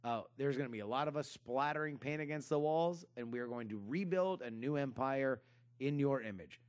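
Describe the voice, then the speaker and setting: A man's voice: mid-range voice, a little fast, smooth. Rambling, swearing podcast co-host man. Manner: rambling, swearing, laughs often. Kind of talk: casual podcast banter.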